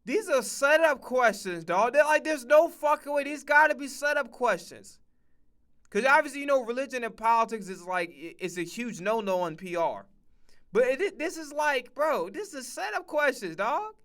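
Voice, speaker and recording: A man streaming reaction commentary, loud, profane and animated. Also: extremely high pitch, normal speed.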